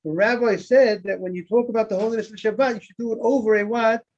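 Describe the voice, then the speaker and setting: A high-pitched male rabbi leads a casual Talmud lesson. He repeats himself and poses questions to the class, then answers them. The recording sounds dull and lo-fi. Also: fairly even intonation, fast, a little mellow.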